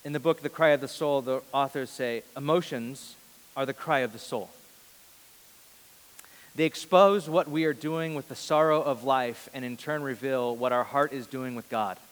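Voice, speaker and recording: Pastor preaching in an echoing hall. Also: male voice, medium pitch, normal speed. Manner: reads scripture softly, then preaches with rising intensity on questions. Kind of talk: sermon. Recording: long reverb of a large hall.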